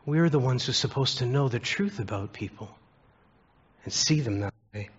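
A pastor with a medium-pitched, slightly rough voice preaches at normal speed in an animated way. He tells stories earnestly and poses rhetorical questions to the congregation, captured on a dull lo-fi recording.

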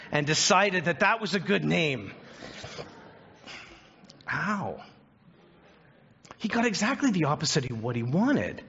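Husky male pastor preaching earnestly. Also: a little high, fairly bright tone, muffled recording. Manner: earnest preaching, slowing on key phrases. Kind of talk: sermon.

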